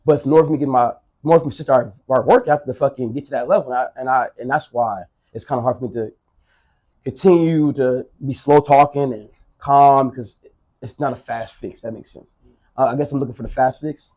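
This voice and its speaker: A man's voice: medium pitch, brisk, mellow, low-quality recording. A man in his thirties chatting casually on a podcast, rambling and repeating himself, with plenty of swearing. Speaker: podcast co-host. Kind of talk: casual chat.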